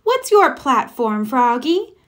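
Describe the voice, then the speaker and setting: A patient woman schoolteacher from a storybook, as a reader puts her on. She speaks slowly and gently, with a calm, lilting voice. The tone stays kind and even-tempered. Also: sits high, voice pushed up, heavily acted.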